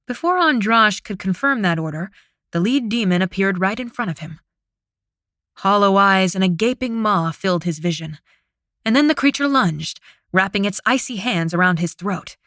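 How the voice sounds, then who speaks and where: A woman narrating an audiobook with a steady, dramatic reading, close to the microphone. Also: mid-range voice, moderate pace, no echo. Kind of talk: scripted narration.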